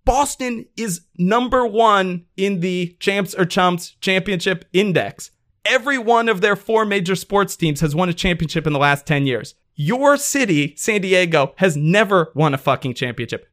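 A man's voice: sits high, a bit bright. Fired-up man ranting about sports. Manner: heated, profane, sarcastic ranting. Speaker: podcast co-host. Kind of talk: ranting sports podcast chat.

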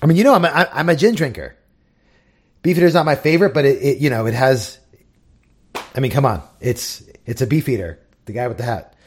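A man's voice: medium pitch, animated, a little fast, slightly rough. Laughing, rambling man. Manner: rambling, laughs often, repeats himself. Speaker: podcast co-host. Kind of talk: casual chat.

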